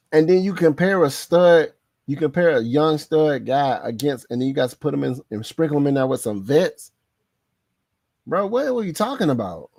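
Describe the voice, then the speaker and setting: A man's voice: mid-range voice, gravelly, a little mellow, no echo, studio quality. A man hosting a live sports podcast, casual and slangy, laughing often and repeating himself for emphasis.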